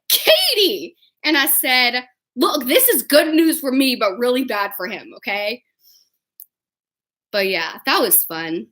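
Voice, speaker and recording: A young woman casually telling a funny story, giggling and acting out what people said. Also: a little high. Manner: animated, giggly, acts out quotes. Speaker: vlogger.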